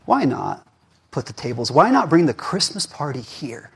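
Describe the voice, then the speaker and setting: Animated husky high-voiced male pastor. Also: normal speed. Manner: animated, swings between shouting and murmuring. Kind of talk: sermon. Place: church.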